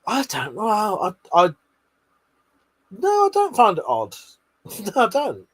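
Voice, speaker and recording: A man's voice: high voice, huge pitch swings, takes it slowly, a bit bright, husky. A man hosting a casual late-night livestream, reading out chat messages with lots of swearing, laughter and joking banter.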